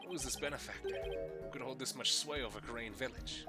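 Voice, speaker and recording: A man's voice: medium pitch, fast talker, close to an everyday voice. A man voicing an earnest young male lawyer who is easily flustered, reading the lines in a plain voice. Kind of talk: reading game dialogue aloud. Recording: loud game music behind.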